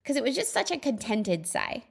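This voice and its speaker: A woman in her thirties talks on her own podcast, chatty and earnest, full of "like" and "you know" and little laughs. Her voice sits a bit high for a woman. She sounds upbeat and reflective, as if thinking aloud to friends. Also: very animated, moderate pace, gravelly, breathy edge. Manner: chatty, upbeat, laughs often, many fillers. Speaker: podcast host. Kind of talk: casual solo monologue.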